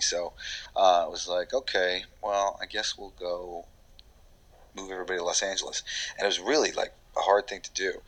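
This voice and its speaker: A man's voice: fairly low pitch, fairly bright tone, rough recording. A man from New York, a voiceover actor, talking in a loose, rambling way with casual swearing in a podcast interview. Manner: rambling, many fillers and restarts, casual swearing.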